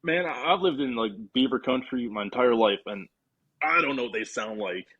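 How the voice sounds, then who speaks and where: A man's voice: mid-range voice, moderate pace, husky, dull audio. A man casually telling a long story on a podcast, acting out what he and his friends said. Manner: animated storyteller, acting out his own quotes. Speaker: podcast guest.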